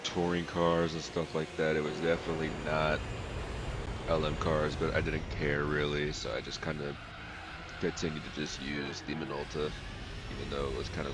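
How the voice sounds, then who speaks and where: A man's voice: very deep voice, very noisy. A groggy man, just woken up, rambling casually through a gameplay voice-over with lots of filler words. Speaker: let's play host. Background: loud game music and engine sounds.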